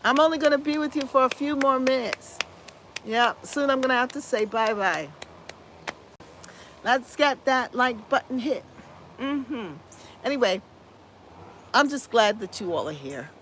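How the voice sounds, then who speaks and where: This gardening channel host is a woman whose scratchy voice sits high and a bit bright, pacing a little slowly with many pauses. She casually chats through a livestream, reading viewer comments in an effusive, upbeat way, repeating phrases and exclaiming "hallelujah."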